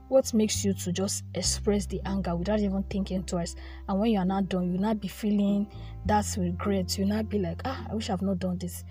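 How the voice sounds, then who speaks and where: A woman's voice: medium pitch, warm tone. A young woman giving an earnest devotional talk, often repeating her phrases. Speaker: devotional speaker. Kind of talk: informal devotional teaching.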